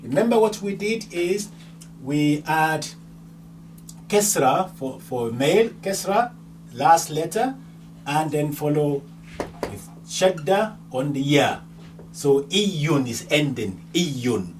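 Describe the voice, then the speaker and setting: A language teacher patiently works through a grammar lesson step by step, repeating each word and ending many times. His voice is a little high and expressive, and he goes slowly. The mic is distant, with a faint hum in the background.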